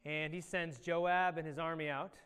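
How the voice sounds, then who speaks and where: A high-voiced male pastor teaching a children's Bible lesson, animated and calling on the kids by name. His voice carries a long echo from the church hall. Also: normal speed, clear, resonant tone.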